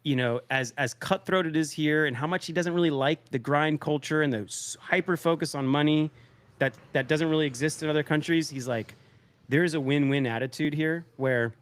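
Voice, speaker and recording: A man's voice: mid-range voice, clean tone, no room sound. Rambling male podcast co-host. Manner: rambling storyteller, quotes others, many fillers. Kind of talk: casual chat, retelling a friend's story.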